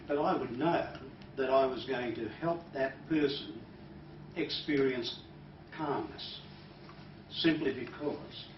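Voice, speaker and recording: A man who is a hypnotist, leading a live training demonstration and talking in a calm, soft-spoken way that sometimes drops to a hush. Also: medium pitch. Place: training room with an audience. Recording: roomy, distant, dull recording with noise.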